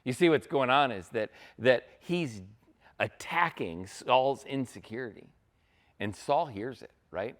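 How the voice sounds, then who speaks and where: A man's voice: medium pitch, lively intonation, unhurried. A man preaching a sermon as a pastor, in a casual, conversational way, often checking in with "right?".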